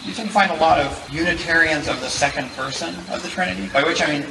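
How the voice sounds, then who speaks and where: A man's voice: a little high, quick pace, vocal fry. A man with a Southern US accent giving a debate statement in a conversational way, with self-deprecating humor. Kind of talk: formal debate opening statement. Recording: echoey room, distant mic, background noise.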